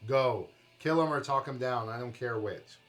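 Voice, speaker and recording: A man's voice: medium pitch, normal speed, a bit bright, faint music behind, natural voice. A man voicing a stern, loyal male orc guard who speaks bluntly. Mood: firm. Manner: blunt and firm.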